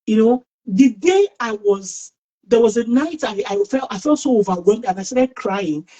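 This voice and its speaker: A middle-aged woman hosts an online talk over a video call. She tells a personal story in a lively, outgoing way, often restarting her sentences. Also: a little high, normal speed, rough recording. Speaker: host.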